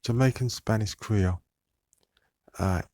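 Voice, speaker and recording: A man's voice: lowish voice, unhurried, a little mellow, no echo. A man hosting his own channel, talking to viewers in a meandering, hesitant monologue full of fillers and restarts. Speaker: channel host.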